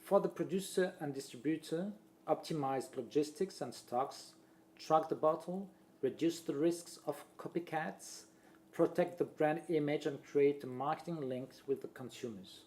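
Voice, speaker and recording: A man, a presenter reading a marketing talk aloud in a steady voice and listing points one after another. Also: on the high side, moderate pace, a little hiss or hum. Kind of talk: read-aloud presentation voice-over.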